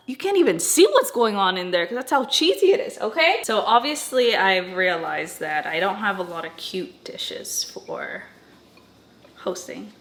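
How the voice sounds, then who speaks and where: A woman's voice: medium pitch, animated, a little slow. A young woman vlogging casually while she cooks at home, chatty and rambling, with self-deprecating asides. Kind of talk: casual cooking vlog. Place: home kitchen. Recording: echoey kitchen with loud frying sizzle. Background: food sizzling and stirring.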